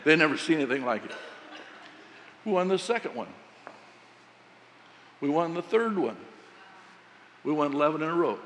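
A man preaching a sermon, telling a folksy story about coaching and quoting himself with animated emphasis. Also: on the high side, moderate pace, pauses often, long reverb tail, slight background noise.

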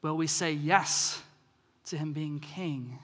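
A man preaching a sermon as pastor, animated, moving from soft earnest passages to loud storytelling. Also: fairly high pitch, slow. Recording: reverberant hall.

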